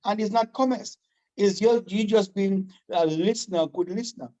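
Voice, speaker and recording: A man with a Vincentian accent, from Saint Vincent, chatting casually as a guest, animated, proud and fast-talking. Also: high-pitched, dull audio. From Saint Vincent and the Grenadines. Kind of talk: casual chat.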